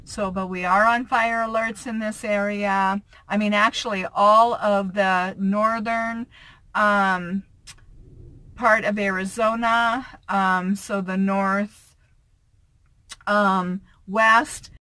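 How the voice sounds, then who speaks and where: A woman's voice: medium pitch, steady tone, slow pace, sharp tone, no room sound. A woman vlogging from inside her van, chatting casually with frequent fillers and little laughs. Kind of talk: casual vlog chat.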